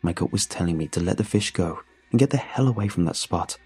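Male narrator, measured delivery, dark and husky low voice. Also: animated. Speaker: storyteller. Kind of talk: first-person story narration.

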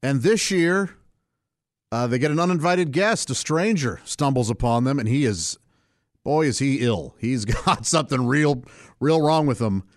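Chatty, lively man hosting. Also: mid-range voice, measured pace, no echo, clean studio sound. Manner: chatty, rambling, laughs often. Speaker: podcast host. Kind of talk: casual solo podcast segment.

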